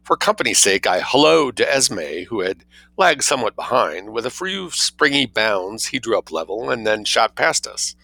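A man reading a story aloud as audiobook narration, in an expressive, wry storytelling manner. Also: mid-range voice, normal speed, vocal fry, no echo, low-quality recording. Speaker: reader.

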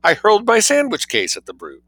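A man reading a story aloud as audiobook narration, in an expressive, wry storytelling manner. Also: high voice, a little fast, dry recording, poor audio. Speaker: reader.

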